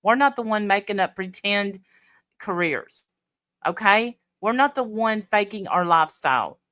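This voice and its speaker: A woman hosts a reaction stream with a bright, forceful voice. She talks bluntly and mockingly, in a mid-range voice. The sound is close and dry, with no room around it. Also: medium pitch, expressive, normal speed, no echo. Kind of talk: heated reaction commentary. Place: lives in Tennessee.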